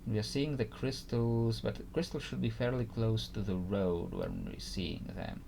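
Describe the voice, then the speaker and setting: A man's voice: fairly low pitch, very animated, normal speed, creaky, a little mellow, a little hiss or hum. A man giving casual gameplay commentary, hesitant and thinking aloud with frequent restarts. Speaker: gaming YouTuber.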